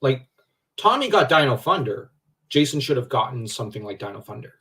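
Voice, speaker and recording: Male livestream co-host, casual rambling fan talk, mid-pitched voice, sits back from the mic. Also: a little fast. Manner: animated, rambling, many fillers and restarts. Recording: distant from the mic.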